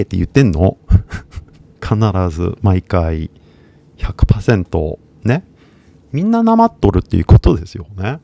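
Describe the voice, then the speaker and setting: Deep gravelly man teaching casually. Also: fairly quick. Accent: American English. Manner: switches between English and Japanese, mumbled relaxed delivery. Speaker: English teacher. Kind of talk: casual live-stream lesson.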